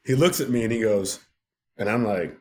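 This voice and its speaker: A man's voice: on the low side, normal speed. Man animatedly telling a story. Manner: animated, laughs often while telling stories. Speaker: podcast guest, television producer. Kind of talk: casual storytelling.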